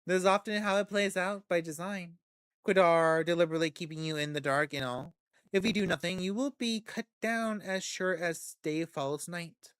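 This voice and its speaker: A game streamer voices a poised female vampire patron, reading her lines in a measured, coolly confident way as she calmly lays out her terms. Her mid-range voice is only lightly acted. The recording is dry and close, with no room echo.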